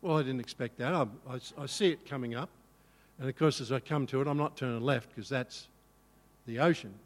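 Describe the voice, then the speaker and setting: A male pastor telling a personal story in a sermon, animated and self-mocking. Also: medium pitch, brisk, big-room sound.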